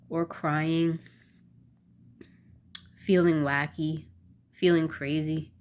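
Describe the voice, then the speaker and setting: A woman with a notably low voice speaks to camera in a loose, candid vlog style. She rambles a little and fills her sentences with "like" and "you know". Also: darkish tone. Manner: candid, rambling, lots of "like" fillers. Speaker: vlogger. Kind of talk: casual talk to camera.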